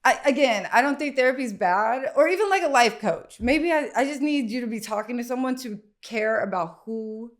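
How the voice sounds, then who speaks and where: A woman speaking as a podcast guest, candid and blunt in a relaxed chat. Her talk is full of casual fillers. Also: on the high side, moderate pace, hardly any pauses.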